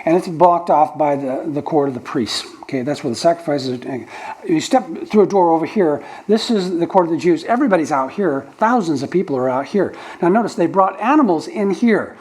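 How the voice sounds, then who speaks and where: Older-pitched pastor teaching a sermon. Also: male voice, lively intonation, brisk, darkish tone, low-quality recording. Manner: explanatory teaching, breaks down original-language words with restarts. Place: church sanctuary.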